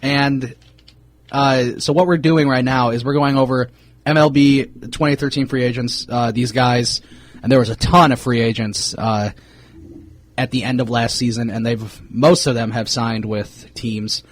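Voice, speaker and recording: A man's voice: medium pitch, measured pace, no echo. Laid-back male sports podcast co-host. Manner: relaxed, many fillers, reads off player signings. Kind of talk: casual sports chat.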